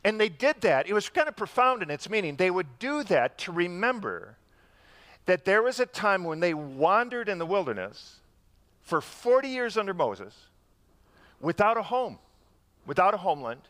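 A man's voice: sits high, normal speed, no echo. A man preaching a teaching sermon, explaining and inviting the congregation to repeat words with him. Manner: animated, leads the congregation in call-and-response. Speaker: pastor.

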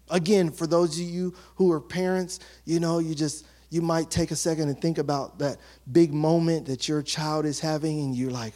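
High-voiced pastor preaching, animated storyteller. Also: male voice, measured pace. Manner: animated storytelling, acting out townspeople's chatter; drops to a hush for emphasis. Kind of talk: sermon.

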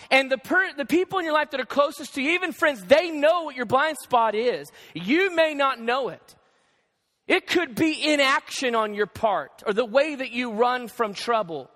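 A male pastor preaching a sermon, animated and conversational, acting out bits of dialogue. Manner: animated, acts out dialogue with shifting pitch. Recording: long hall reverb.

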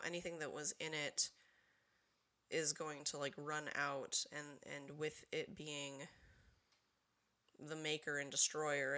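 A woman's voice: sits low, a bit bright. A woman co-hosting a podcast, recapping a book's plot in casual chat with many fillers. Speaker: podcast co-host. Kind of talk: casual book-club chat.

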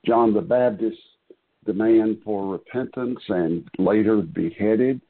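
A low-voiced man on a discussion panel talks slowly and thoughtfully, with a husky tone. He pauses and restarts as he works through his ideas, heard over a tinny call line. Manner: slow, thoughtful, with hesitant restarts. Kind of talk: reflective casual discussion.

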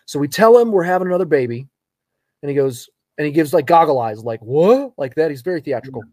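A man's voice: on the high side, fast, dry recording. Upbeat man telling stories, dry mic. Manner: animated storyteller, laughs through his anecdotes. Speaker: podcast co-host. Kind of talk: casual chat.

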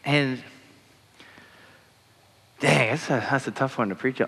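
A young male preacher talks through a relaxed, conversational sermon, often leaning on filler words. His voice is mid-pitched, and a long reverb trails after each phrase in a large church hall. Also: a little slow, creaky, pauses often, breathy edge. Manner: conversational, uses many fillers like "like" and "you know". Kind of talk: casual sermon.

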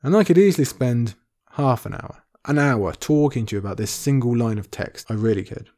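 A man's voice: mid-range voice, expressive, fairly quick, mellow. A man hosting a podcast and discussing a book, earnest and impassioned, close to tears. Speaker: podcast host.

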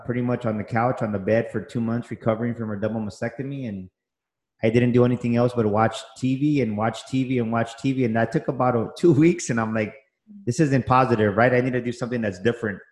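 A man's voice: on the low side, a little mellow. A middle-aged man from Texas, a motivational coach, talking enthusiastically as an interview guest, often repeating words as he starts. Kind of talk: energetic interview talk. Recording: roomy echo.

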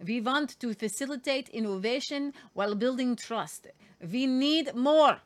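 A woman's voice: high voice, a little slow. A woman putting on a mocking "bad guy" accent to play a sinister middle-aged woman politician.

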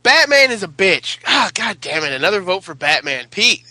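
A man hosts a casual panel chat, calling on each guest in turn. His voice sits high and rings very bright. He gets excitable and swears freely. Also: moderate pace. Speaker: podcast host.

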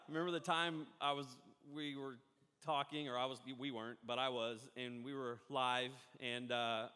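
A man preaching a sermon, rambling and animated, often breaking off mid-thought. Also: medium pitch. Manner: rambling, animated, self-interrupting. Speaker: pastor. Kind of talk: live-streamed sermon. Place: church hall. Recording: echoey hall reverb.

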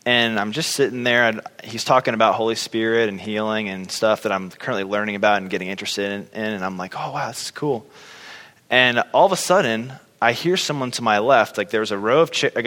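A man's voice: fairly low pitch, bright, forceful tone. A man telling a personal faith story in a casual, chatty way, with lots of fillers and acted-out reactions. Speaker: speaker sharing a testimony. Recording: long hall reverb.

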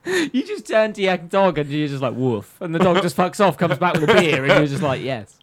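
A high-voiced man co-hosting a podcast, acting out silly scenes in loose, swear-heavy banter. He jumps between his own voice and quick put-on voices. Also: big pitch swings, no room sound. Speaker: podcast co-host. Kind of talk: casual banter.

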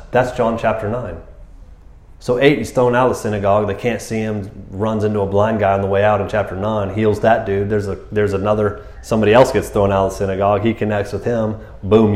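A man giving a casual, animated sermon, talking to the listeners like friends. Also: lowish voice, brisk. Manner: animated, casual, keeps saying "man" and "you know". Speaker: preacher. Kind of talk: conversational sermon. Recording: roomy echo.

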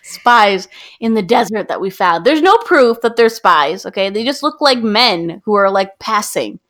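Woman chatting w friends, telling a movie plot, does the characters' lines, mid pitch. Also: measured pace. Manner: animated storyteller, acts out characters' lines. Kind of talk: casual chat retelling a film plot.

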